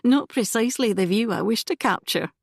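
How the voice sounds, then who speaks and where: A woman voicing a poised, witty young gentlewoman in a composed, genteel manner. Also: fairly high pitch, animated, a little fast, gravelly, breathy edge, dry recording, studio quality, pitched above the performer's own voice, exaggerated voice. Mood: pleasant.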